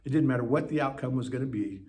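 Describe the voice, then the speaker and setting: A man as an interview guest, telling his story in an animated way with quick bursts. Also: medium pitch. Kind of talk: personal storytelling.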